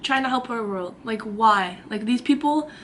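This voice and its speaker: A young woman in her twenties tells a story straight to the camera, chatty and animated, acting out every quote. Her voice sits a little high and sounds bright and forceful. A faint hum of room noise runs underneath. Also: moderate pace. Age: 20s. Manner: animated, acts out quotes, lots of "like". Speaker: vlogger.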